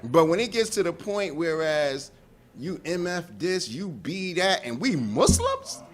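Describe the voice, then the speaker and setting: A man's voice: a little high, a little slow. A man leading a relationship class in a casual lecture style, laughing often, acting out quarrels and asking the room if he's right. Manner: animated, laughing, acts out quarrels; asks the room for agreement.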